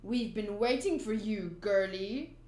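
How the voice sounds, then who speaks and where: A woman's voice: lively intonation, slow, a little mellow. A woman putting on menacing pirate thugs. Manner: low, threatening taunts. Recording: roomy echo.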